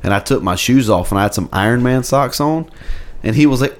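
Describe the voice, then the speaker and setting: A young man co-hosting a casual comedy podcast, goofy and quick to laugh, often slipping into silly voices. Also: medium pitch, lively intonation. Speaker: podcast co-host.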